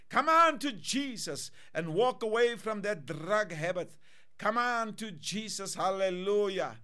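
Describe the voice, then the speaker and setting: Male pastor, high voice, clear and smooth, fervent repeated declarations in a sermon. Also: bright, forceful tone.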